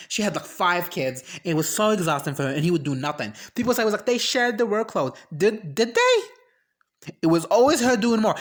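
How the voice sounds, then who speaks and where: A vlogger giving an animated, exasperated reaction rant, sarcastic and emphatic, breaking into high shrieks. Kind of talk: ranting reaction commentary.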